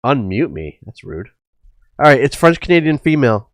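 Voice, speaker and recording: A man hosting a livestream from a home setup talks in a rambling, loose way, full of fillers and the odd curse. His voice sits at an ordinary pitch. The sound is dry and close to the mic, with no room in it. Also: big pitch swings, normal speed, dry recording. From United States. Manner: rambling, profane, many fillers. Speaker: livestream host. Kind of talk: casual stream chat.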